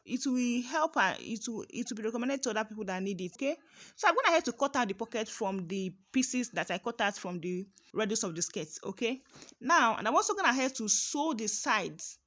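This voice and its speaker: A woman's voice: a little high, expressive, brisk, fairly bright tone. Woman explaining sewing steps, repeating herself. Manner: repeats herself, checks understanding often. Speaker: sewing tutor. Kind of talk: step-by-step sewing tutorial.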